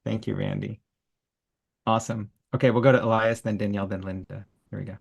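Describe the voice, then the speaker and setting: A man's voice: fairly low pitch, little pitch movement, brisk, gravelly, slightly rough, lo-fi sound. A man hosting an online art workshop over a video call, giving enthusiastic, encouraging feedback. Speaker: workshop host.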